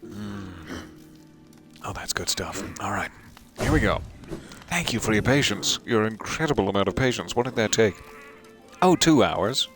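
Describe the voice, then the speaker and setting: A man's voice: on the low side, lively intonation, normal speed, pauses often, faint music behind. A young man casually commenting while he plays a game, playful, theatrical and self-mocking. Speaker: game streamer.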